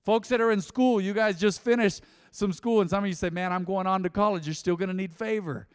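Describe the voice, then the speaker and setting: A man preaching a sermon as pastor, telling stories with lively swings between loud and soft delivery. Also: high-pitched, brisk, smooth, in a large hall.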